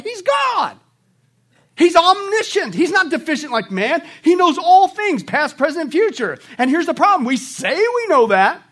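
A man preaching a sermon, animated, asking the congregation rhetorical questions and acting out quick mock voices. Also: very high-pitched, slightly rough. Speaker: pastor.

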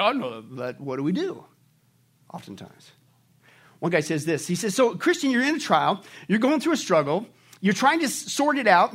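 A man preaching a sermon, animated, asking the congregation rhetorical questions and acting out quick mock voices. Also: high voice. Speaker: pastor.

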